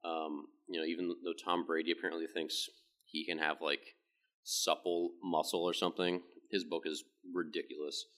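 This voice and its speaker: A man, a baseball pitching coach, giving a casual, rambling explanation with frequent restarts. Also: flat delivery, moderate pace, fairly bright tone.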